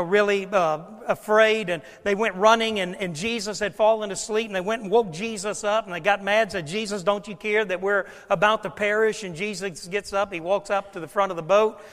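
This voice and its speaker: High-voiced preaching man in a reverberant hall. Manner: preaching with dramatic swings between loud and hushed. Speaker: pastor. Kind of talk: sermon.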